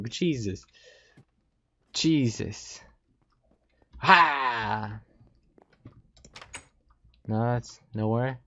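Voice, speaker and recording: A young man giving jumpy, excitable commentary while playing a Minecraft survival match, talking to himself and often yelping in panic. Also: on the low side, extremely slow, pauses often, dry recording. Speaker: gaming YouTuber. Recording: slightly dull lo-fi audio.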